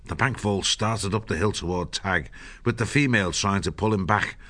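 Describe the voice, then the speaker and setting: A man narrating a storybook in a measured, steady way. His voice sits very low and the recording is dry and close, with no room sound. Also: dry recording. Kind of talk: scripted audiobook narration.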